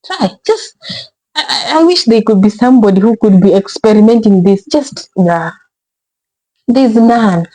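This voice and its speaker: A woman's voice: on the high side, lively intonation, unhurried, mellow, rough recording. Exasperated woman reacting to clips. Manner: rambling, exasperated, repeats words, says bruh. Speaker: reaction video host. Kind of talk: casual reaction commentary.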